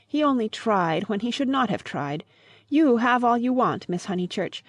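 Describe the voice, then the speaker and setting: A woman voicing a gentle grieving old man. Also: on the high side, animated, normal speed, no echo, voice pushed up. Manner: earnest, pleading. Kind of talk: audiobook reading.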